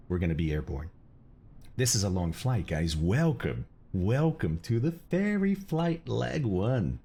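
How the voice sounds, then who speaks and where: A man's voice: deep voice, a little hiss or hum. A middle-aged man from Brazil hosting a live stream, greeting chat members one by one in a casual way. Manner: greets chat members one by one, hushed at times to keep quiet. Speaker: streamer host.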